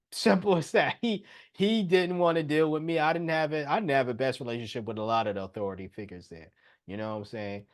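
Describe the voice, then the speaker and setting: A young man hosting a podcast, telling a personal story in a casual, animated way and often laughing as he talks. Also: brisk. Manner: animated, jumps into higher voice when quoting himself. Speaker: podcast host.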